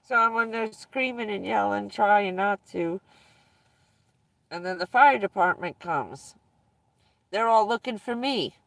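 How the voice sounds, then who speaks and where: A woman's voice: mid-range voice, unhurried, gravelly, pauses often, a bit bright, no echo. Woman, vlogger, casual storytelling, rambling, laughs often, dry distant sound.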